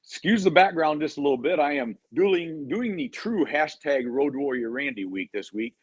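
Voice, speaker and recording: A man's voice: a little high, expressive, normal speed, slightly rough. A man hosting a live online talk show from a hotel room, upbeat and joking. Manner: upbeat, joking, talks over tech trouble. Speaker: host. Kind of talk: live video show chat.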